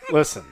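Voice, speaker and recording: A man on a podcast who talks slowly with exasperated, dry protests. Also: extremely high pitch, a little mellow. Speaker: podcast co-host. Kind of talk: casual chat.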